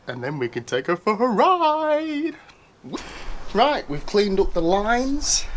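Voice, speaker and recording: Wry British man, slightly high voice. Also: a bit bright, slight background noise. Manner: chatty and wry, with jokey asides. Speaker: bike reviewer. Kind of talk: casual how-to vlog.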